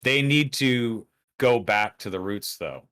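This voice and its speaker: A man's voice: mid-range voice, lively intonation, takes it slowly, sharp tone, clean tone, no room sound, studio quality. An American man with a plain General American accent, a podcast guest talking bluntly in casual chat, laughing often and swearing casually. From United States.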